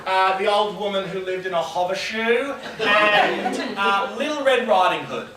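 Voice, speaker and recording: A man's voice: sits high, unhurried, background noise. A man doing live comedy storytelling in a theatrical, camp manner with frequent giggles. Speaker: comic storyteller. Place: small live performance venue. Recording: echoey venue, far from mic, music.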